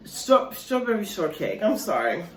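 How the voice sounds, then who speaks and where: A woman of medium pitch talks at a measured pace in a sing-song way while eating on her mukbang vlog, with background noise and roomy echo in the audio. Chatty and loose, she addresses viewers directly, calling them "y'all."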